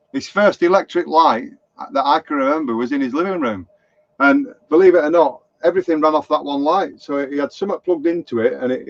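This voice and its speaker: Middle-aged Lancashire bloke, fairly high voice, yarning to his live-stream viewers, muffled sound. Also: no room sound. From Lancashire, England. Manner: chatty, anecdotal, reads out viewer comments. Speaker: motorhome vlogger. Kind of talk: rambling live-stream chat. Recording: dull lo-fi live stream, dry.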